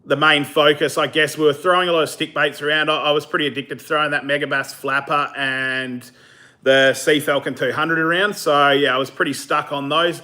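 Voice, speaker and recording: A man's voice: on the high side, fairly even intonation, a little fast, pushed and bright. A man hosting a fishing channel, chatting casually on a live stream, answering viewer comments with easy laughs. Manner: casual, chatty, laughs easily, many fillers.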